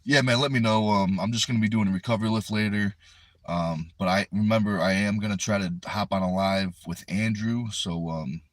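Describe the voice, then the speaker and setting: A deep-voiced livestream host chats casually from a parked car, reading viewer comments aloud and answering them in an easygoing, talkative way. His tone stays steady and his pace is brisk. The recording is dry, captured on a phone resting on the steering wheel.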